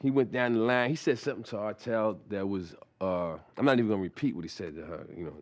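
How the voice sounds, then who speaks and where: A man's voice: fairly low pitch, fast. A man telling a comic anecdote in a rambling, profane way, full of restarts and asides. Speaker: comic storyteller.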